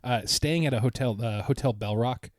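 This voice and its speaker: A man co-hosting a casual podcast, telling rambling travel stories with frequent laughs and throat-clearing. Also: medium pitch, moderate pace, no room sound, studio quality. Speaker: podcast co-host. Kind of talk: casual chat.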